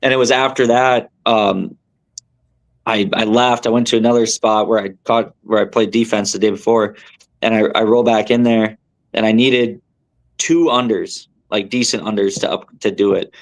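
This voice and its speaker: A young man, a tournament angler, telling a story as a podcast guest in a rambling, animated way with many fillers and restarts. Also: on the low side, moderate pace. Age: young adult. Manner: animated, rambling, lots of fillers and self-corrections.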